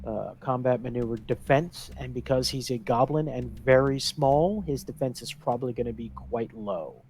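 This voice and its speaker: A man's voice: mid-range voice, normal speed, a little mellow, a little hiss or hum. A man playing a tabletop game, chatting and eagerly explaining the rules. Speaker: player. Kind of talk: casual tabletop game chat.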